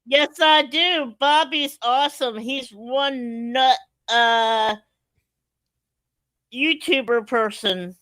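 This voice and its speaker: A woman's voice: a little high, drawn-out words, fairly bright tone, no echo. A woman guesting on a livestream, giving short, hesitant answers. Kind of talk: casual livestream chat.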